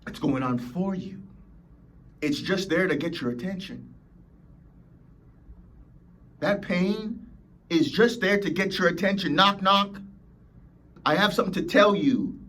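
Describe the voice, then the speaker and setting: A man's voice: sits high, measured pace, pauses often, a bit bright. A man hosting a motivational podcast, preaching emphatically and acting out whiny complainers. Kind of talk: motivational talk.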